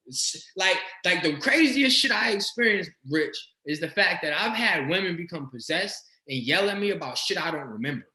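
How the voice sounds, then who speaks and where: Brief: man, interview guest, loose profane storyteller, bright and forceful tone, roomy echo. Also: high voice, normal speed. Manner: swearing, animated, laughing storyteller. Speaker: interview guest, regression practitioner. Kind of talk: casual storytelling chat.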